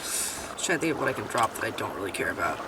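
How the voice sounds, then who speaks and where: Chatty woman with a lively, swingy voice. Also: a bass voice, fast, far from the mic, noisy background. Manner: chatty, swears freely, bursts into loud outrage. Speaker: gameplay commentator. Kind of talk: casual let's-play commentary.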